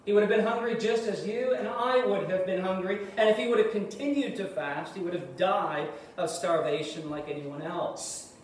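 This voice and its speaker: A man with a fairly high voice preaches in earnest, pushing hard on key words and then dropping almost to a murmur. He is picked up from some distance in a very echoey room. A faint hiss sits under the sound. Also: moderate pace. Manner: earnest preaching, swings between loud emphasis and hushed asides. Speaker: pastor. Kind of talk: sermon.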